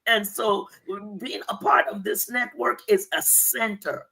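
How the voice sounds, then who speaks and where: Bright-voiced older woman, exhorting. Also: fairly high pitch, steady tone, measured pace, gravelly, husky. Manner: earnest, exhorting. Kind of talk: preaching-style talk.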